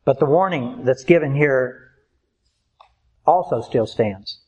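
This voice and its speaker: A man preaching a sermon in an earnest, emphatic way, slowing down to stress key points. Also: medium pitch, expressive, mellow, breathy edge, lo-fi sound.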